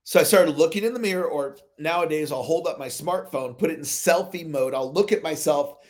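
Speaking fairly quickly with a fairly high pitch, this man hosts a live motivational call over video as a sales coach. His storytelling is animated, and he performs both sides of the dialogues he recounts.

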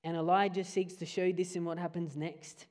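A man's voice: sits high, level tone, moderate pace. Earnest man preaching a sermon. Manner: earnest, dropping to quiet emphasis.

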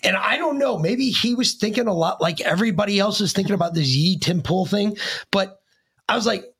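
A man co-hosting a podcast, telling a profane, animated story in casual chat. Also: high voice, brisk, slightly rough. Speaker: podcast co-host.

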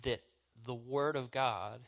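A man's voice: mid-range voice, fairly even intonation, slow, fairly bright tone. A man leading a church bible study, teaching in an informal, conversational way and asking the group questions. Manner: informal, asks the group questions, casual fillers.

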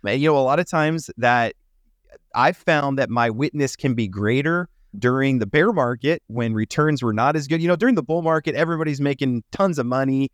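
A man's voice: medium pitch, fairly quick, no room sound, clean studio sound. A man, an entrepreneur guest on a podcast, talking earnestly and telling personal stories in a casual conversation, sometimes acting out the voices of people he quotes.

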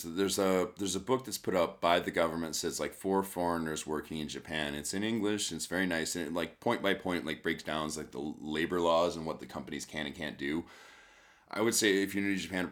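A man's voice: deep voice, a little fast, fairly bright tone. A man telling a long story in casual chat, stammering, repeating words and swearing often. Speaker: podcast co-host.

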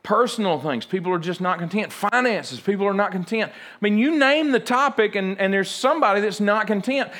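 Man preaching, high voice, folksy and joking, acts out scenes. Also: lively intonation, fairly quick, few pauses, fairly bright tone. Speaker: pastor. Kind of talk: sermon.

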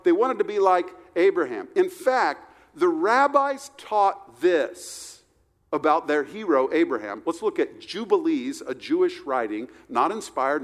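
A male pastor preaching a sermon, reading scripture slowly and with emphasis, then explaining it in an earnest, conversational way. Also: high voice, in a large hall. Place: church sanctuary.

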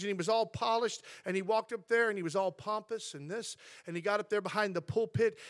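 A man with a very high voice preaches in church. He tells his sermon stories earnestly and with feeling, as a pastor speaking to his congregation. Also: a bit bright.

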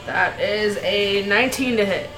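Woman player thinking aloud, echoey. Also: medium pitch. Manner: deliberate, thinking aloud with ums. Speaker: tabletop game player. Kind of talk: casual chat. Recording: echoey room with music behind.

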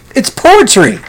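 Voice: medium pitch, slight background noise. An adult speaker chatting casually and hesitantly, chuckling while introducing a song to read aloud. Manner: chuckling, hesitant, lively intonation. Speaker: reader of song lyrics. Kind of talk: casual spoken commentary.

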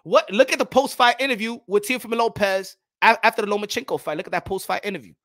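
A man hosting a boxing show, talking loud and profane, mocking critics and repeating himself. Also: high voice, quick pace, no echo, studio quality. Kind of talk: animated boxing commentary.

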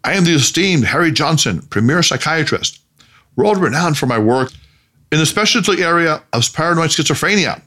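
Pompous, self-important psychiatrist, read by a man, raised voice, lively pitch. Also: normal speed. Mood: boastful. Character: pompous proud male psychiatrist, irritable.

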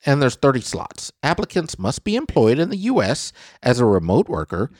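A man from Southeast Texas co-hosting a casual talk show, animated and exasperated, with sudden high squeals. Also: normal speed, no echo, studio quality. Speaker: co-host. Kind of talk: casual podcast banter.

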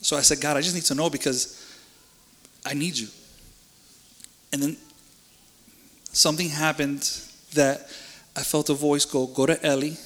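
In a reverberant hall, a church member shares an emotional personal faith testimony. His voice is fairly high and a bit bright, and he speaks casually and earnestly, often repeating words.

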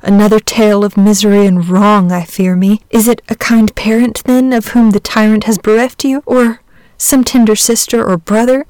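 A woman's voice: mid-range voice, steady tone, normal speed, darkish tone, no room sound, close to an everyday voice. A woman voicing a kindly, noble knight who speaks in a grand, courteous way.

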